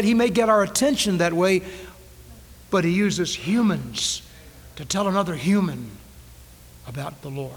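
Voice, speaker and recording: A male preacher delivering a dramatic sermon, repeating key phrases and swinging between loud declarations and hushed lines, on a 1990s church recording. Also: high voice, unhurried, long pauses, big-room sound.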